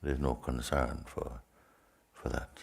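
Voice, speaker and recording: A man as a spiritual teacher leading a guided meditation in slow, sparse phrases with long pauses. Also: rumbling low, level tone, vocal fry, slightly rough.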